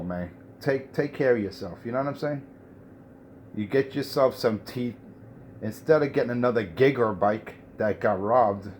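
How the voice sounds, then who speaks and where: A man's voice: on the low side, a little mellow, slight background noise. A man on a CB radio mocking and lecturing another operator, repeating "man" as he talks. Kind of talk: trash-talking radio banter.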